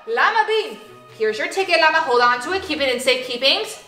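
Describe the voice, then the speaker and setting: A high, bright young woman vlogging at home. She gushes in a bubbly way, peppers her talk with "like" and breaks into excited gasps. The room sounds echoey, with faint music playing underneath. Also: normal speed. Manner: bubbly, gushing, fillers of "like", gasping with excitement. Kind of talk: excited casual vlog.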